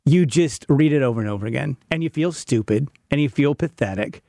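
A man's voice: medium pitch, a little fast, creaky, dark tone, no echo, clean studio sound. Candid self-mocking man in his fifties. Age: 50s. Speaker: podcast co-host. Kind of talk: casual chat.

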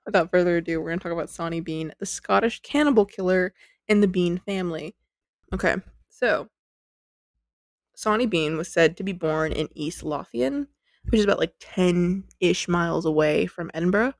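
A woman hosts a podcast in a chatty, giggly way, poking fun at herself as she tells the story. Her voice sits a little low and carries a gravelly fry. It is recorded close and dry, with no room sound. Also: normal speed, no room sound. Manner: chatty, giggly, self-deprecating. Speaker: podcast host.

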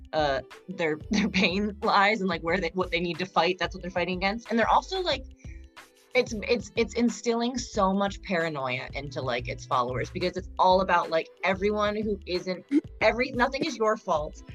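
A woman's voice: lowish voice, fairly bright tone. A young woman co-hosting a podcast in casual, rambling chat, full of fillers and crude jokes. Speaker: podcast co-host.

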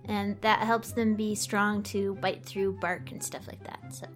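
A woman's voice: medium pitch, little pitch movement, a little slow, faint music behind. A woman co-hosting a podcast in a playful, chatty way. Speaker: podcast co-host. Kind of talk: casual chat.

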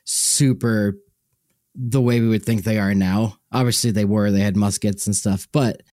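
A man's voice: on the low side, fairly even intonation, normal speed, a little mellow, no room sound, studio quality. A young man co-hosting a podcast, chatting casually and often losing his train of thought. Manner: meandering, loses the thread. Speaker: podcast co-host. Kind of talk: casual chat.

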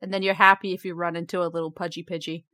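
A woman's voice: fairly low pitch, little pitch movement, racing, pushed and bright, dry recording, studio quality. Upbeat giggly woman podcast host. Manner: upbeat and giggly, reading out facts. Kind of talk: casual chat presenting facts.

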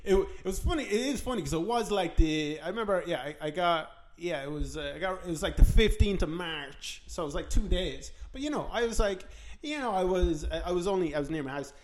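A man's voice: sits high, expressive, brisk. An Irish man hosting a podcast, telling a rambling, self-mocking story with lots of fillers. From Ireland. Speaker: podcast host. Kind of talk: casual comedic storytelling.

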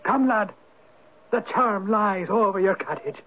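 A high, husky old spirit of the rock, wise and teasing, with a lilting Irish accent. He is heard on a narrow, tinny old radio broadcast. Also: measured pace. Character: mysterious old male spirit, a Viking turned Irish. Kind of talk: 1970s radio drama acting.

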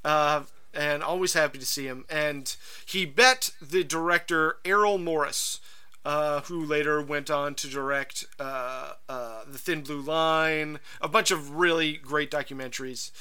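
A man co-hosting a podcast in casual chat, telling stories in an animated, rambling way. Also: a little high, measured pace, smooth. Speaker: podcast co-host.

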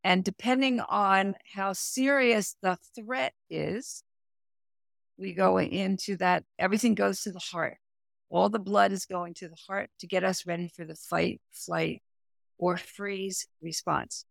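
A middle-aged woman, a performance coach and therapist, explaining her method in a podcast interview, with lively, hands-on explanations. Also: mid-range voice, measured pace, creaky, no room sound, studio quality. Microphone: remote audio, no camera.

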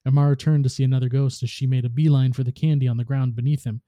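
Podcast host narrating a story, very dark mellow voice, dry sound. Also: male voice, medium pitch, fast, hardly any pauses, no room sound. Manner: steady storytelling read.

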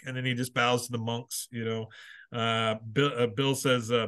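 Bright-voiced man retelling an episode. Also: medium pitch, steady tone, clean tone. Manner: reads out quotes in quick bursts, hesitant with many uhs. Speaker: podcast host recapping a cartoon episode. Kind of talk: casual chat, retelling scenes.

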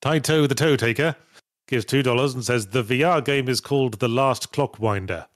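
A man's voice: mid-range voice, normal speed, no echo. A man hosting a casual podcast, reading out viewer messages with dry, sardonic asides. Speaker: podcast host reading superchats. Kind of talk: casual chat.

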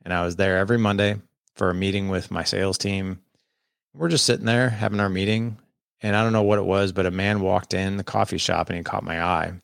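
A man's voice: deep voice, little pitch movement, brisk, creaky, a bit bright, no room sound, clean studio sound. A man, candidly telling a personal story as a podcast guest and acting out the dialogue. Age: 40s. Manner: candid, conversational, quotes people in dialogue.

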